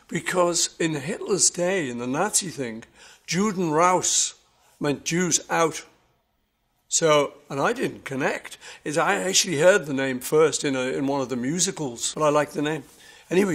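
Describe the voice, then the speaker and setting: A man being interviewed about his songs, telling stories in a relaxed, rambling way with many self-corrections. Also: on the high side, unhurried. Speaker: interviewee musician. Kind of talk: casual anecdotal storytelling.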